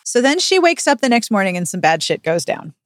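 A woman's voice: medium pitch, sing-song, brisk, dry recording, studio quality. A woman hosting a podcast, frankly and animatedly recapping a novel in casual chat. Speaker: podcast host.

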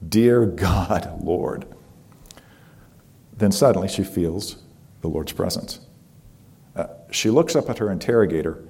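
A man preaching, telling a dramatic story with fillers and pauses. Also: on the low side, darkish tone. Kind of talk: sermon storytelling.

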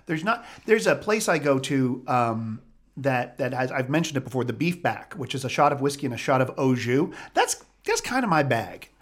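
A male podcast co-host chatting casually, his pitch rising and falling a lot as he jokes. He makes self-mocking asides and talks over his co-hosts easily. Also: sing-song, moderate pace. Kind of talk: casual chat.

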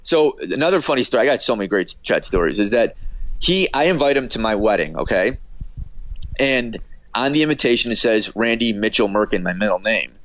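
A man's voice: fairly low pitch, animated, brisk, fairly bright tone, no room sound. A man, an author and radio producer, telling anecdotes casually as an interview guest, with many fillers and restarts.

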